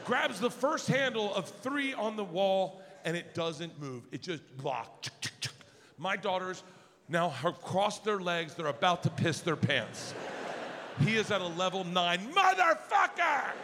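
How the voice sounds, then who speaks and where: Brief: male stand-up comic, high and gravelly, echoing theater with crowd. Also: a little slow. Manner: animated, building to loud punchlines. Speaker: stand-up comedian. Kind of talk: stand-up storytelling. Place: large theater stage. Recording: reverberant live theater, audience noise.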